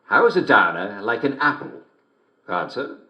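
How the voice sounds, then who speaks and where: A giggling, cruel English TV host. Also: male voice, medium pitch, sing-song, moderate pace, bright, forceful tone, dull audio. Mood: jovial, mocking. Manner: jolly, giggling constantly between lines. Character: gleeful middle-aged male TV host, smugly cruel. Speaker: television host. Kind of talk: video game character performance. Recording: roomy echo.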